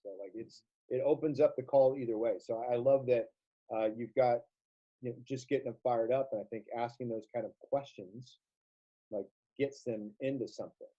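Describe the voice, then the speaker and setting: A man's voice: medium pitch, steady tone, normal speed, warm tone. A man hosting an interview as a sales coach, reflective and affirming, asking his guest for the next point. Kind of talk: conversational interview. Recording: dull lo-fi sound.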